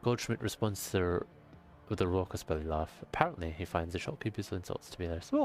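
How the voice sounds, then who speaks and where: A man's voice: deep voice, quick pace. A man casually narrating a role-playing video game and reading its text aloud. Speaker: game master and player.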